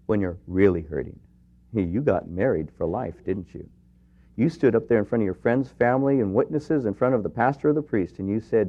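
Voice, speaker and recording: Animated and brisk, a pastor with a fairly low voice gives an earnest, personal sermon. He builds to forceful questions, then eases into soft, intimate comments, all on a dull, lo-fi recording.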